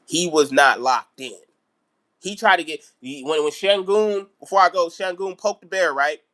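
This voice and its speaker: Guy ranting on his live stream, aave, high voice, bright and sharp, keeps repeating himself. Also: moderate pace. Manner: animated, repetitive ranting. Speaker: basketball vlogger. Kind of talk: live-stream sports rant.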